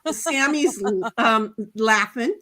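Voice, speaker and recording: A woman's voice: fairly high pitch, slow pace, bright, forceful tone. A woman hosting a casual livestream, chatting in a rambling way, laughing often and reading out the live chat. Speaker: livestream host.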